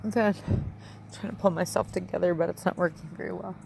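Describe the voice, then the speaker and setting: A woman's voice: fairly low pitch, steady tone, brisk, creaky, darkish tone, slight background noise. A woman telling a rambling, emotional personal story in a casual home vlog, often adding "right?" and "like". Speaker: vlogger.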